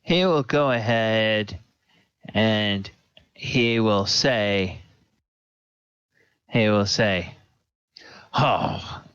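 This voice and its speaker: A man narrating as dungeon master of a tabletop game, slow and halting with plenty of fillers, over a home computer mic in an online session. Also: lowish voice, a bit bright, smooth, no room sound. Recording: dull, dry lo-fi audio.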